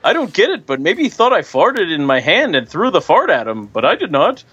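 A man's voice: high voice, wildly swooping pitch, slow, a bit bright, slightly rough, dry recording, voice pushed up, heavily acted. A man voicing an indignant male Swedish soccer player in a raised, put-on voice over a dull line.

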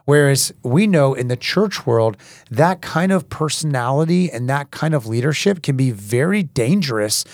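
A man hosting a devotional talk, reading scripture and then reflecting on it earnestly in a conversational way. His voice sits at a middle pitch. The recording is dry and close, with no room sound. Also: no echo. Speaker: podcast host and leadership teacher.

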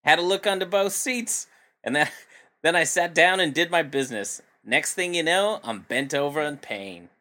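A man doing an Australian accent to voice a young Australian man, speaking higher and louder than his own voice. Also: expressive, normal speed. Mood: matter-of-fact. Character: young Australian man, blunt and matter-of-fact. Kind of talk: comedic impression in podcast banter.

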